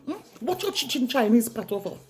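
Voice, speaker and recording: A woman with a Saint Lucian accent delivers a heated, blunt vlog monologue. Her voice sits a little high, and she hammers her points by saying them twice. She speaks in a loose, casual way. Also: very animated, fairly quick, slight background noise. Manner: blunt, heated, repeats herself for emphasis. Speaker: vlogger.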